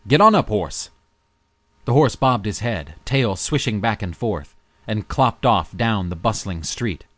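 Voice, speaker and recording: A man narrating an audiobook with a low, steady voice. He reads in a measured, even storytelling manner, and the sound is close and dry with no room around it. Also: no echo. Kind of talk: scripted narration.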